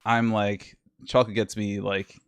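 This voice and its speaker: A man's voice: lowish voice, flat delivery, unhurried, clean tone, no echo. A man hosting a podcast in a casual, playful chat who laughs easily. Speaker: podcast host.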